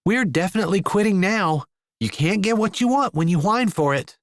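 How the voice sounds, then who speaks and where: A man's voice: sits high, lively intonation, normal speed, no room sound, voice pushed up. Man voicing a wry young woman. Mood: dry. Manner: dry, teasing.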